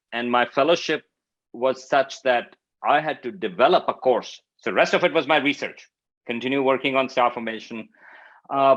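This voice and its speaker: A man's voice: mid-range voice, fairly bright tone, dull audio. A man from Pakistan with a Pakistani accent, speaking as an astrophysicist guest in an interview, thoughtful and enthusiastic with many fillers and restarts. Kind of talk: conversational interview.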